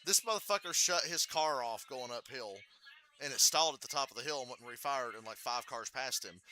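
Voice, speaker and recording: A man's voice: medium pitch, animated, brisk, pushed and bright. Profane guy reacting to a race live. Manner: profane, blunt, offhand storytelling.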